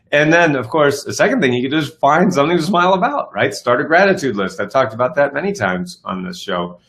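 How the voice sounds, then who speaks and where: This middle-aged man hosts a self-help live show in a casual live-stream style, sounding upbeat and using lots of fillers and restarts. His voice is medium in pitch and a bit bright.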